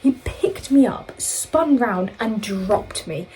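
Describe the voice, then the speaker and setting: A woman's voice: medium pitch, expressive, slow pace, dark tone, a little hiss or hum, rough recording. A young woman vlogger telling a long story in casual chat, rambling and correcting herself as she goes. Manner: rambling, self-correcting, chatty.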